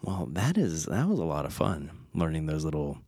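A man's voice: extremely low pitch, very animated, moderate pace, dark tone, no echo, clean studio sound. A man hosting a casual film retrospective, reading trivia aloud and stumbling over names. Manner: reads fun facts aloud, stumbles over names and chuckles. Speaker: podcast host.

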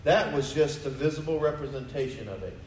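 A man's voice: medium pitch, expressive, a little fast, a little mellow, echoey room, distant mic, a little hiss or hum, rough recording. A man preaching a sermon to his congregation, emphatic and full of rhetorical questions. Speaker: pastor. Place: church sanctuary.

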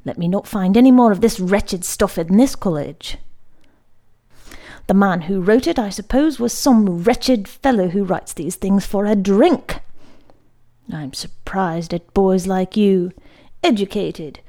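Casting: a sharp, scolding priest schoolmaster, gravelly and dark, put on by a woman reading a storybook. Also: medium pitch, a little slow, lightly acted.

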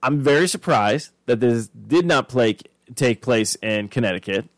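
A man's voice: mid-range voice, lively intonation, measured pace, dry recording. A man in his thirties from Arizona, co-hosting a podcast with loose, profane storytelling. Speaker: podcast co-host. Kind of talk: casual chat.

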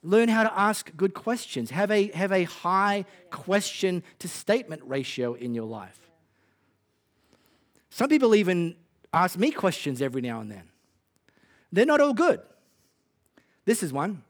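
An Australian-accented male pastor delivering a sermon with a fairly high voice for a man. He talks in a loose, conversational way, punchy and laced with wry self-deprecating jokes. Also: big pitch swings, measured pace, long pauses.

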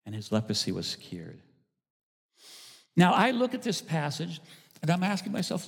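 A man, a pastor, preaching a sermon, swinging between loud emphasis and hushed asides. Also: mid-range voice, very animated, normal speed, gravelly, pauses often, slightly rough. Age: older. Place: church sanctuary. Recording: church hall reverb.

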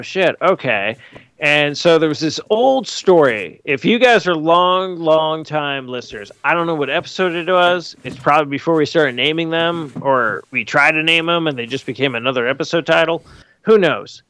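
A man's voice: a little high, smooth. A man hosting a long-running podcast, telling stories and acting out what people said. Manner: animated storyteller who acts out quotes. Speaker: podcast co-host. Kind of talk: casual chat.

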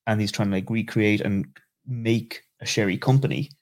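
A man co-hosting a podcast, chatting casually with quick asides. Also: lowish voice, darkish tone. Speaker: podcast co-host. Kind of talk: casual conversational chat.

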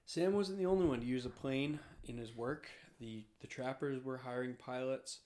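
A man's voice: mid-range voice, normal speed, hardly any pauses, a little mellow. A man reading aloud from a memoir and explaining in between, hesitant with fillers when speaking freely.

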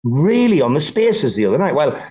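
A man's voice: a little high, very animated, fairly quick, warm tone, muffled recording. A young man hosting a live audio chat, bantering loosely and swearing as he laughs along. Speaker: host of the space. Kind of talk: casual crypto chat on a live audio space.

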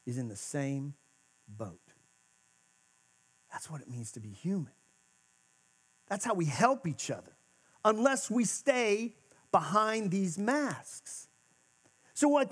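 A male pastor delivers a sermon in a church sanctuary in a conversational way, moving between emphatic and hushed moments. His voice is a little high.

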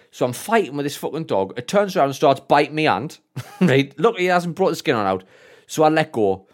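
A Northern English man co-hosting a podcast, telling an animated story full of swearing and frequent laughter. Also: fairly high pitch, fast talker. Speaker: podcast co-host. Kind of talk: casual chat, storytelling.

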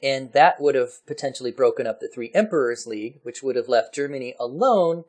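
A man's voice: medium pitch, lively intonation, brisk. Chatty man explaining history. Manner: chatty, laughs often, slips into playful voices for historical figures. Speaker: podcast co-host explaining history. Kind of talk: casual history podcast chat.

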